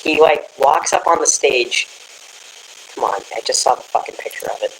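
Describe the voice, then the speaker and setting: Profane, rambling young podcast host. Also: male voice, medium pitch, expressive, moderate pace, a bit bright, a little hiss or hum, poor audio. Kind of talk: casual chat.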